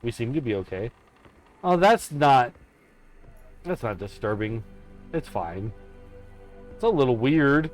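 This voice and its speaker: A man's voice: mid-range voice, animated, a little slow, long pauses, soft background music. A man streaming a horror game live, commenting as he explores and making playful, mock-dramatic asides to himself.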